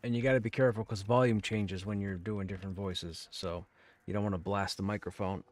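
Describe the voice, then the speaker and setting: A man's voice: fairly low pitch, steady tone, a little fast. A man streaming a game, chatting casually and musing aloud while reading chat questions.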